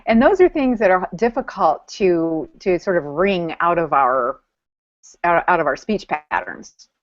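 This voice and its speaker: A woman hosting a live video chat, reading audience questions in a measured way with filler uhs. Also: fairly low pitch, expressive, no room sound. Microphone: video call. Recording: dry, dull lo-fi call audio.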